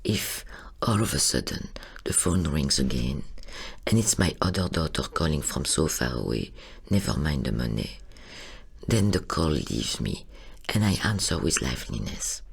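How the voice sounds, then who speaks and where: A woman reading a literary monologue, husky and creaky, often sinking into a whisper. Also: very deep voice, big pitch swings, moderate pace. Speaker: narrator.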